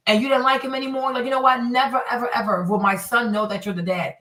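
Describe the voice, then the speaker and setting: A woman host with a bright, lively voice talks casually to her viewers and acts out quotes as she reacts. Her voice sits a little high and sounds roomy, as if the mic is some way off. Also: fast. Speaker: commentary host. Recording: roomy and slightly distant.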